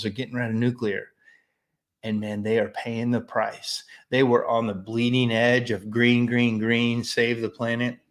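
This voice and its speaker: A man from the United States hosting a live online show, talking in a casual, opinionated, rambling way. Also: mid-range voice. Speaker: host of a weekly live business show, chimney sweep. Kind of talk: casual live-stream monologue.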